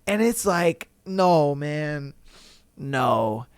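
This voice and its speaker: Male podcast host, smooth and clear, drawls through casual slangy disbelief. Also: fairly high pitch, lively intonation, extremely slow, no room sound, clean studio sound. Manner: laughing, incredulous, slangy reactions. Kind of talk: casual commentary on reader stories.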